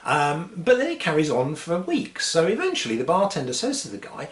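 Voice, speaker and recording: A man telling science jokes in a lively way, dropping punchlines deadpan. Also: a little high, fast talker, hardly any pauses. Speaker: host. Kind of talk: comic joke telling. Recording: echoey room with faint noise.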